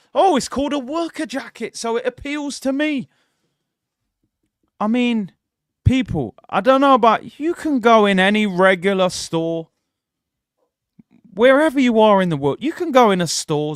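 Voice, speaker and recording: A young man rants sarcastically to his stream audience about his football club, his voice pitched fairly high for a man. He swings from exasperated grumbling to loud excited shouting. The sound is dry and close, with no room echo. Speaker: football watchalong host. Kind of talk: casual live-stream rant.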